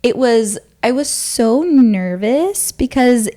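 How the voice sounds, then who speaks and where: A woman co-hosting a podcast, telling a story in casual chat, giggly and halting. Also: a little high, lively intonation, dark tone. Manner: storytelling, giggly, restarts often. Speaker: podcast co-host.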